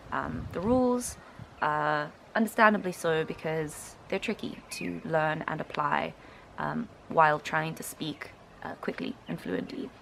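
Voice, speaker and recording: A young South African woman with a lowish, gravelly voice explains accent features in a reaction video. She is analytical but hesitant, filling her pauses with ums. A faint background noise sits under her voice. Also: fairly bright tone. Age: 20s. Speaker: linguistics student and video host.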